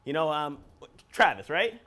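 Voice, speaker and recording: A man giving an energetic, emphatic motivational talk as a coach at a live seminar. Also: on the high side, a little slow. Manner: energetic, emphatic, acts out phone calls. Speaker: business coach and seminar speaker. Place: seminar room with live audience.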